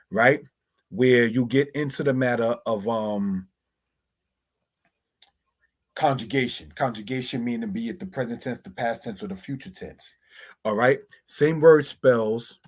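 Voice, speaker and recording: Husky man teaching Hebrew vocabulary. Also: mid-range voice. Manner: slow, deliberate spelling-out of words. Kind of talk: slide lesson on Hebrew words.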